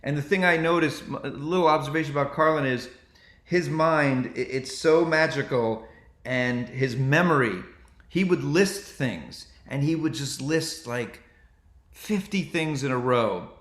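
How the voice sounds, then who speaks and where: A male comedian chatting casually and telling animated stories. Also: a little high, a little slow. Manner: animated storytelling. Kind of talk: casual chat. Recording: roomy echo.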